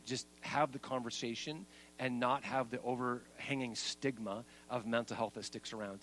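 A man preaching a sermon as pastor, making points with lively emphasis. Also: a little hiss or hum, poor audio. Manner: lively and emphatic, then soft and low at the close.

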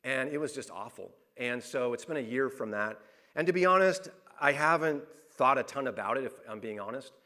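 A man's voice: medium pitch, lively intonation, brisk, sharp tone. A middle-aged male pastor preaching a sermon, speaking candidly with restarts and repeating phrases for emphasis. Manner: personal and candid, many restarts and fillers.

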